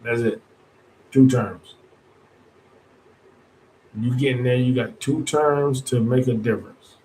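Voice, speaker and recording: A man's voice: medium pitch, steady tone, normal speed, a little mellow, a little hiss or hum, rough recording. A man hosting his own podcast, giving a casual, rambling monologue in colloquial speech, full of restarts and asides. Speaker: podcast host.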